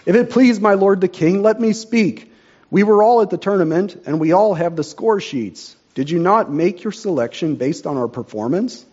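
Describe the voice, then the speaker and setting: A man voicing a loud, pompous scheming lord in a storybook reading. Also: on the high side, expressive, moderate pace, hardly any pauses, husky, dull audio, voice pushed up.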